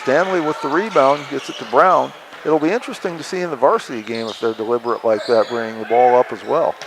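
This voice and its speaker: A man's voice: medium pitch, quick pace. A man doing easygoing, joking play-by-play commentary on a basketball webcast. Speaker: play-by-play announcer. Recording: noisy gym webcast. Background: gym ambience, ball bouncing.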